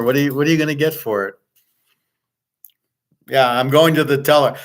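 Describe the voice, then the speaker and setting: A man's voice: medium pitch, fairly even intonation, a little fast, pauses often. A man hosting a livestream, ranting and reading chat comments in a profane, sarcastic, combative way. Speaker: host.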